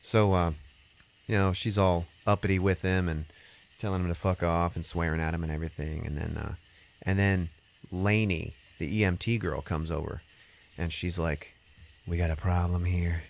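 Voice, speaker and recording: A man's voice: sits low, steady tone, moderate pace, gravelly. A man hosting a podcast, casually recapping a movie plot in a rambling way, full of "you know" and "uh" and loose swearing. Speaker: podcast host.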